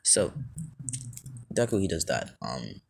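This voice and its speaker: A man's voice: a bass voice, big pitch swings, slow pace, gravelly. A young man casually narrating an improvised fan story, rambling, with many fillers and self-corrections.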